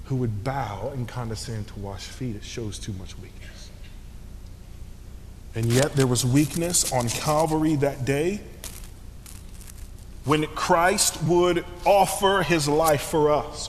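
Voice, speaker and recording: A man preaching a sermon, moving from hushed near-whispers to shouts, with slangy conversational asides. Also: unhurried, pauses often. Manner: dynamic, swings from hushed to shouting. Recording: long hall reverb, faint rumble.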